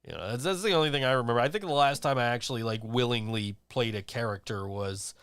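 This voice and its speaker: A man's voice: medium pitch, quick pace, fairly bright tone, clear, resonant tone, no echo, clean studio sound. A man hosting a podcast in casual chat, rambling and swearing, laughing often. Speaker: podcast host.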